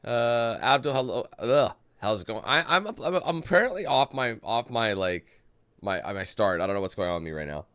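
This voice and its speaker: A man's voice: fairly low pitch, sing-song, normal speed, a bit bright, dry recording. A man talking casually on a live stream, rambling and chatty, tired, greeting his chat by name. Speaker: livestreamer.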